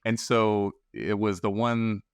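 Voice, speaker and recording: Man, podcast co-host, low voice, rambling and chuckly, dry close sound. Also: steady tone, slow pace, clean tone, no echo. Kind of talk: casual conversation.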